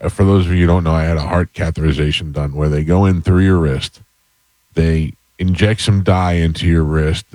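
A man with a very low voice tells a rambling personal story to his co-hosts, casual and self-deprecating. The sound is dry and close, with no room around it. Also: no room sound. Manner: rambling, animated anecdote with self-deprecating humor. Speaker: podcast host.

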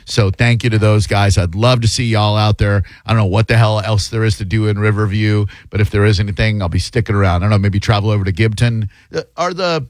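A man's voice: lowish voice, no echo. Blunt, mocking male radio host. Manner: blunt, mocking, quick to insult callers. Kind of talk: brash call-in radio banter.

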